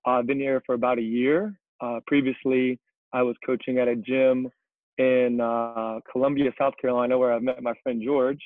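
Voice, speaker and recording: A man's voice: mid-range voice, little pitch movement, moderate pace, no echo. A young man, a CrossFit coach, chatting casually as a podcast guest and rambling with plenty of fillers. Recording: tinny phone-like remote line.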